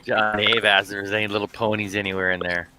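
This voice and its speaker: A man's voice: fairly low pitch, little pitch movement, fast, very noisy. A man co-hosting a live stream, teasing his friends and jumping in with jokes. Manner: playful teasing, jumps in with jokes. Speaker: co-host. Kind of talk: casual live-stream chat.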